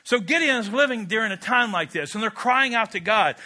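A man's voice: high-pitched, lively intonation, a little fast, bright, forceful tone. A man preaching a sermon as pastor, emphatic and storytelling, with conversational asides.

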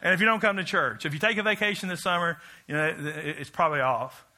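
A man's voice: fairly high pitch, fast talker, pushed and bright. A man preaching a rousing, rhythmic sermon, leading the congregation in chants and slipping in joking asides. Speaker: pastor.

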